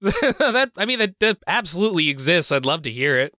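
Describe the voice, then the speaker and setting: Animated male co-host, casual banter, lively pitch and a dry close mic. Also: a little fast, dry recording. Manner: animated, swearing, jokey. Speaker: podcast co-host. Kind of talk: casual chat.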